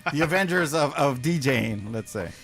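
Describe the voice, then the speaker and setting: A man's voice: medium pitch, expressive, moderate pace, a bit bright, soft background music. A man co-hosting a podcast, chiming in with jokes and hedged guesses. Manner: chimes in with jokes, talks in hedges. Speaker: co-host. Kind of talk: casual chat.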